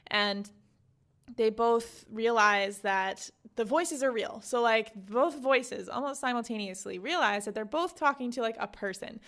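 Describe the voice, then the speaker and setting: On her podcast, a young woman summarizes a novel casually, speaking a little slowly in a fairly high, bright voice. Her storytelling is chatty and packed with fillers, especially "like."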